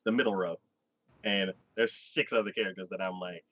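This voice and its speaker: Bright-voiced man recapping casually, lo-fi audio. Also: low-pitched, fairly even intonation, brisk. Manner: rambling storyteller, many fillers, acts out quotes. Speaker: podcast host. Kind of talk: casual anime recap chat.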